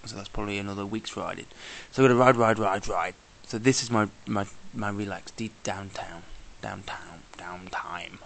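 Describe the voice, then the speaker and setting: A man's voice: lowish voice, steady tone, normal speed, creaky, few pauses, fairly bright tone, a little hiss or hum. A man talking casually in a travel vlog, exasperated and swearing, often imitating the people he met. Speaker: traveller vlogger.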